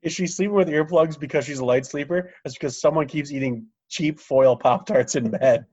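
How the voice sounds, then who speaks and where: A man's voice: on the high side, brisk, darkish tone, breathy edge. A man co-hosting a podcast in casual chat, joking and swearing as he tells stories. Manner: joking, profane, laughs through stories. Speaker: podcast co-host. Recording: dull lo-fi audio.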